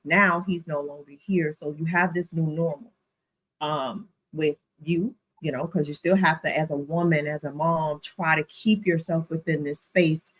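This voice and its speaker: Low-voiced woman podcast host. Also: fairly even intonation, a little slow, low-quality recording. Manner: supportive, asks long reflective questions. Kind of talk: interview conversation.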